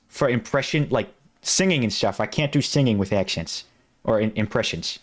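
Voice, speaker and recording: A man's voice: lowish voice, expressive, moderate pace, faint music behind. A man chatting casually on a live stream, rambling and restarting his sentences. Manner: rambling and self-interrupting, breaking off to test impressions.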